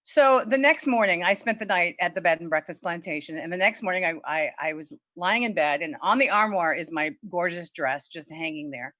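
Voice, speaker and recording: A middle-aged woman from Louisiana tells a wild true story to a virtual story slam audience, frank and unfiltered with plenty of swearing. Her tone is bright and forceful, and when she quotes herself her voice shoots way up. The sound is dry and close, as from a home video call. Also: brisk, hardly any pauses, no room sound. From Lafayette, Louisiana. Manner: animated, candid, swears freely, voice leaps high when quoting herself.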